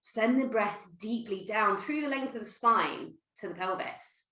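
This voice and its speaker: A woman's voice: mid-range voice, lively intonation, measured pace. Woman guiding breathwork in an echoey room. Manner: gentle, instructive, playful imagery. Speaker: yoga teacher. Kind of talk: guided breathwork class.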